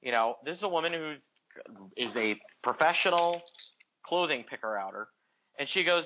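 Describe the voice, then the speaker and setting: A man's voice: a little high, lively intonation, moderate pace, slight background noise. Chicago man rambling about markets. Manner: rambling, many restarts and fillers. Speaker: podcast co-host. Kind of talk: casual market talk. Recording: dull lo-fi podcast audio.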